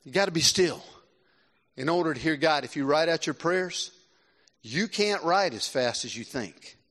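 A middle-aged man from South Carolina preaching a sermon, animated and swinging between loud exclamations and hushed earnest tones. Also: fairly high pitch, normal speed. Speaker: visiting preacher. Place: large church with long reverb. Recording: reverberant church hall.

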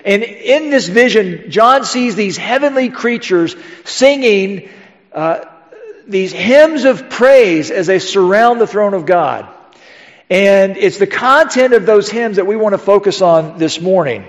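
A man's voice: high-pitched, lively intonation, measured pace. A middle-aged male pastor preaching a sermon in a conversational style, asking rhetorical questions of his congregation. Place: church sanctuary. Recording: dull church recording with long reverb.

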